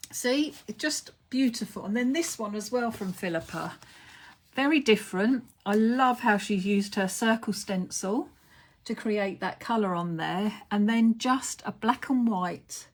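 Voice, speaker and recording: A middle-aged British woman hosting a casual craft live stream, gushing with praise as she shows cards. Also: medium pitch.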